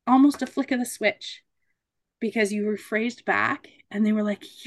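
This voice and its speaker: A woman mediator, around her thirties, giving a relaxed talk to a support group, animated and laughing as she acts out quoted voices. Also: a little high, moderate pace.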